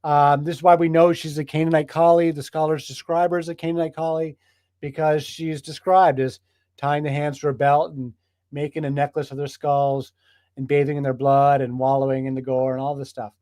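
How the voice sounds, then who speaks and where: A Bible study leader gives a casual, enthusiastic lecture in a fairly high-pitched, darkish voice. Recorded studio-quality with no room sound, he speaks emphatically and builds with repetition.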